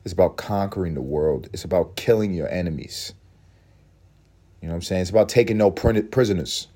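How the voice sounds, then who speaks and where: A man's voice: low-pitched, brisk, warm tone. A man hosting a solo podcast, musing aloud in a profane, rambling way and laughing often. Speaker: podcast host.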